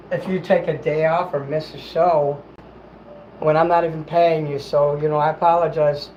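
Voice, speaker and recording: A man's voice: fairly high pitch, noisy background. A man hosting a casual livestream from home, reading chat while he eats and rambles in an apologetic way, swearing here and there.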